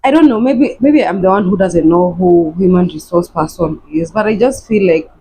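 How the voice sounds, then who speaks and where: A woman's voice: on the low side, moderate pace, dark tone, slightly rough, low-quality recording. A young woman in her twenties from Kenya, chatting casually to her viewers in a rambling, repetitive way while getting ready at home. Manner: chatty, rambling, repeats herself, talks to viewers as friends. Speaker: vlogger.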